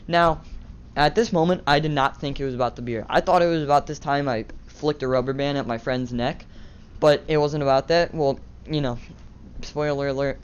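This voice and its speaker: A man's voice: a little high, normal speed, clean tone. A teenage boy vlogger tells a casual, rambling story, swearing and laughing at himself.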